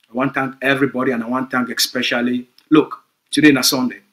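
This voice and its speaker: A man's voice: medium pitch, level tone, fast talker, fairly bright tone. A man with a Cameroonian Pidgin English accent, giving an emphatic, repetitive political address to supporters as a movement spokesman.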